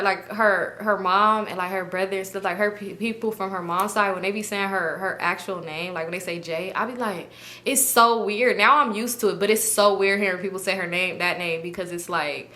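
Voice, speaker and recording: A woman's voice: mid-range voice, sharp tone. A young woman from Los Angeles telling a storytime to her viewers in casual, slang-heavy chat, acting out everyone's lines. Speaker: storytime vlogger.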